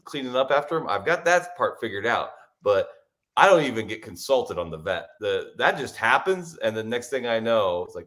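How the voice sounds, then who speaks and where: A man's voice: medium pitch, very animated, normal speed, fairly bright tone. A man co-hosting a podcast, telling stories in a laid-back, chuckling way. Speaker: podcast co-host. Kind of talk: casual podcast chat.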